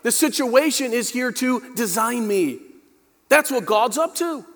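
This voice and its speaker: A male pastor delivering a dynamic sermon, addressing the congregation directly and swinging from quiet, low passages to emphatic peaks. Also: expressive, measured pace. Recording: long hall reverb.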